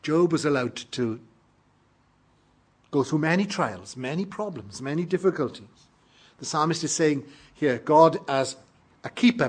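A British man preaching a sermon with earnest emphasis, reading scripture aloud and explaining it. His voice is husky and sits slightly high for a man. He pushes hard on key lines, now and then rising to a loud peak. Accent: British English.

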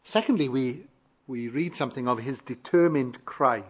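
A man preaching a sermon, emphatic and fervent, building repeated phrases in a measured cadence. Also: mid-range voice, slightly rough. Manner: fervent, emphatic, swells louder on key phrases.

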